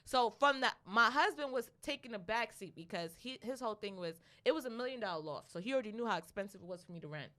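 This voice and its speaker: A young adult woman co-hosting a podcast, telling a story in a casual, animated way, with plenty of profanity and laughter. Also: on the high side, fast talker, hardly any pauses. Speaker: podcast co-host.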